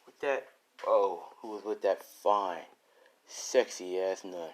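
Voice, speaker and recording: A man's voice: sits low, slow. A man casually improvising a fan story, rambling and crude, with many fillers and restarts.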